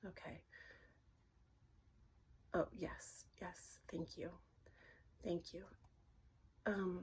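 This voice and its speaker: A middle-aged woman gently asking questions aloud in a casual session, hesitant and often dropping to a whisper. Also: on the low side, little pitch movement, slight background noise. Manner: soft-spoken, halting, often drops to a whisper. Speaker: dowsing-rod reader.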